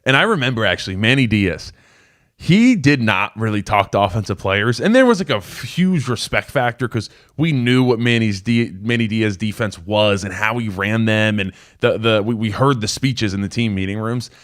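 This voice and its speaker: A man's voice: fairly low pitch, expressive, moderate pace, fairly bright tone. A man in his twenties, a former college football player, hosting a live call-in sports show in a loose, casual way with lots of fillers. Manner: casual, rambling storyteller with many fillers.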